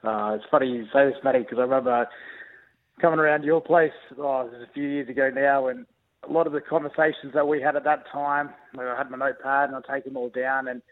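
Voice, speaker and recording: A young Australian rugby league player, a guest on a radio show, talking over the phone in a relaxed, hesitant way with many fillers. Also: male voice, mid-range voice, fast. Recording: tinny phone line.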